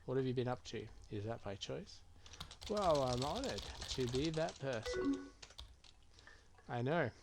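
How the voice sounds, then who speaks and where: A man plays through a chat-based game and reads message options aloud in an unhurried, mumbling way. His voice sits at an ordinary pitch. Keyboard typing clicks are clearly audible under his talk. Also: animated, heavy background noise. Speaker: gaming streamer.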